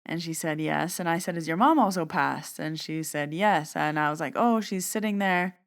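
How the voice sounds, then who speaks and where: Low, smooth-voiced woman telling a story. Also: normal speed. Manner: chatty, retells dialogue with "I was like". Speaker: podcast host recounting a mediumship reading. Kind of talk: casual storytelling monologue.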